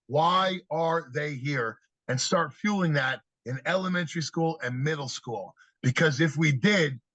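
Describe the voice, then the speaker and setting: Animated man telling stories, husky voice. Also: on the high side, dry recording, lo-fi sound. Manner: animated storyteller, acts out kids' answers. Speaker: podcast guest, youth speaker. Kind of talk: storytelling interview talk.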